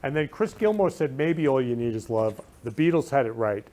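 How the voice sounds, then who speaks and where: A man's voice: mid-range voice, very animated, fairly quick, a little mellow. A man hosting his talk show from his room, speaking effusively and repeating loving phrases with emphatic stress. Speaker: show host. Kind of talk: casual talk show monologue.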